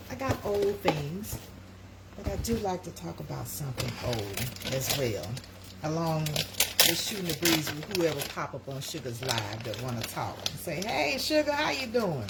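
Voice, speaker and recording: Brief: middle-aged woman, rambling live-stream host, chatty, noisy home recording. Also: mid-range voice. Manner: chatty, rambling, talks to viewers as y'all. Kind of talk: casual live-stream chat.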